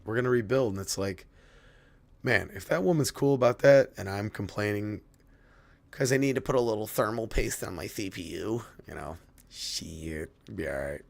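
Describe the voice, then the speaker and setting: A man's voice: lowish voice, normal speed, creaky, dry recording. A man streaming a video game, chatting casually with viewers, profane and rambling but heartfelt. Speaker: gaming streamer. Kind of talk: casual stream chat while gaming.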